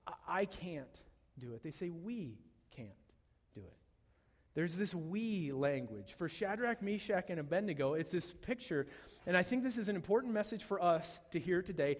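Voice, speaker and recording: A man preaching a sermon, animated and conversational, with jokes and asides to the congregation. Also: sits high, big-room sound. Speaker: pastor.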